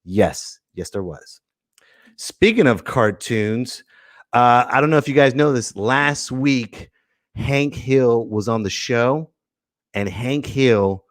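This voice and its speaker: A man's voice: medium pitch, dry recording, studio quality. A man hosting a comedy show, riffing sarcastically in a casual monologue.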